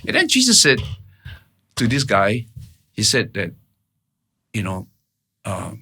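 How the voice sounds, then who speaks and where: Animated, bright-voiced male guest. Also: fairly low pitch, slow, husky. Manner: keeps checking in with "right?" and "all right?"; earnest, plain-spoken retelling. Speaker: interview guest. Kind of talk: personal storytelling in conversation.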